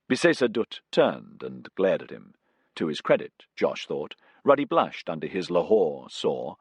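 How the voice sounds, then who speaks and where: A man narrating an audiobook in a measured storytelling manner. His voice is low and husky, with a lively rise and fall, recorded close and dry. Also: dry recording. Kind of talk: scripted narration.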